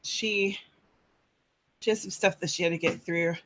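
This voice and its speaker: A woman's voice: fairly low pitch, steady tone, a little slow, a bit bright. A woman writer, chatting casually to her live-stream viewers from her apartment, rambling with lots of fillers. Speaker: writer hosting a live chat. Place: apartment room.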